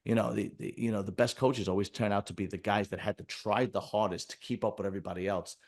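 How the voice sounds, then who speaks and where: A man's voice: lowish voice, fairly even intonation, fast talker. A man hosting a podcast in casual chat, rambling and blunt with many restarts. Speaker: podcast host.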